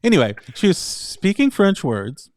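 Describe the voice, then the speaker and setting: A man's voice: high-pitched, sing-song, moderate pace, darkish tone, no room sound, studio quality. A man in casual chat, telling a story in a rambling way, often laughing and slipping into other voices. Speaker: podcast co-host.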